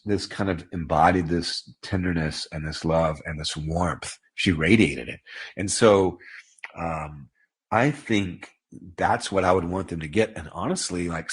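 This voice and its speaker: Man, deep voice, husky, heartfelt, halting, near tears, self-deprecating. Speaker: author and podcast guest. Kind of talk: reflective conversational interview.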